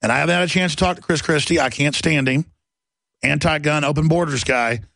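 A man hosting a talk show, delivering a heated, mocking rant and mimicking others in shrill voices. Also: brisk, gravelly, a bit bright, no room sound.

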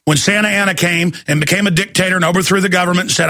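A man hosting a talk radio show, ranting angrily, often shouting at his listeners. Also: high-pitched, fairly even intonation, very fast, soft background music. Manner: angry, shouting, accusatory. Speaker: radio host.

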